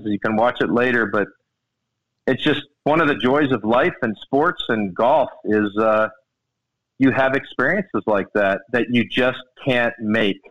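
A man's voice: mid-range voice, a bit bright, highs cut off. Rambling male sports radio storyteller. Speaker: radio show co-host. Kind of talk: casual sports radio chat.

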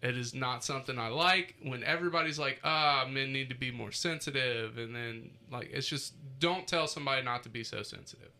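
A man's voice: mid-range voice, fairly quick, hardly any pauses, bright, forceful tone. A man hosting a podcast, reading from a list and joking around casually with friends, swearing freely. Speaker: podcast host.

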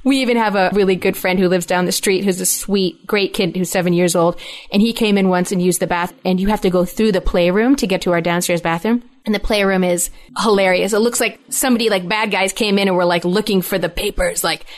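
A woman's voice: medium pitch, a little fast. A woman in casual chat who tells stories with lots of laughter and acts out the people she quotes. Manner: animated storyteller, laughs often, acts out quotes. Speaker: podcast co-host, mother.

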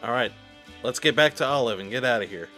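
A man's voice: mid-range voice, animated, fast talker, bright, forceful tone, soft background music. Easygoing man playing a tabletop character. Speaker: player.

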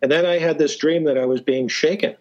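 A man with a slightly high voice tells stories in a casual interview. He hesitates often, restarts his sentences and fills gaps with "uh", and chuckles now and then. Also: fairly even intonation, fairly quick, darkish tone, muffled recording. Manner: hesitant, many fillers and restarts; chuckles while telling stories. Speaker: podcast guest, author.

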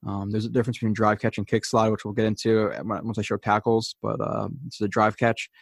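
A man with a fairly low voice talks through football game film in a loose, unscripted way, stopping and restarting as he goes. The sound is dry and close, with no room around it. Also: flat delivery, fairly quick, creaky, dry recording. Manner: thinking aloud with frequent fillers and restarts. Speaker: host. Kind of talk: casual football film breakdown.

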